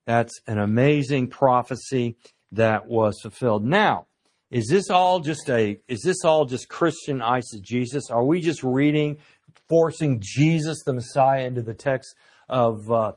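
A man preaching a sermon as a Bible teacher, earnest, stressing key words slowly, with frequent uh fillers and rhetorical questions to his listeners. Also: mid-range voice.

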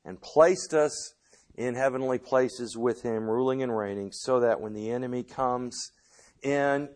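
Slow, deliberate male Bible teacher. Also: mid-range voice, a little mellow. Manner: measured teaching with frequent filler pauses. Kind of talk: Bible study lesson. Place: classroom or studio with a board.

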